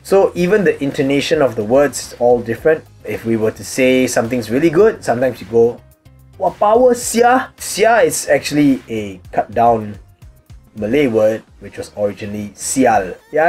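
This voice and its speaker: A man's voice: mid-range voice, breathy edge. A young man from Singapore with a Singaporean accent, chatting casually at home as he answers viewer questions. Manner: relaxed, chatty, explains with examples. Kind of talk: casual chat. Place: room at home with hobby figurines.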